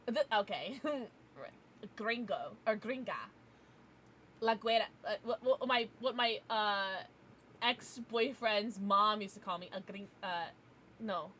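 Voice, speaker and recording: A woman streamer chatting casually with her live chat, giggly and playful, teasing with sudden loud outbursts. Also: mid-range voice, slow pace, a little hiss or hum. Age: adult, parent. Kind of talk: casual livestream chat, reading chat.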